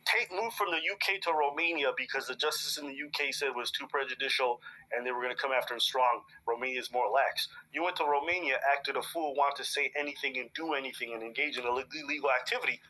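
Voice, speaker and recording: A man's voice: mid-range voice, fast talker, pushed and bright, rough recording. A man hosting a reaction podcast, giving blunt, emphatic commentary and swearing freely. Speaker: podcast host.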